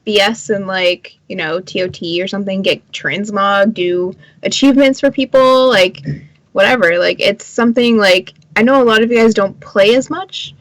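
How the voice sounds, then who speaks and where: A woman's voice: medium pitch, a bit bright, dry recording, low-quality recording. A woman talking on a podcast, chatty and enthusiastic. Her voice sounds dry and close, with no room around it. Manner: enthusiastic, chatty, quick agreeing. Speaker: podcast co-host. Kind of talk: casual chat.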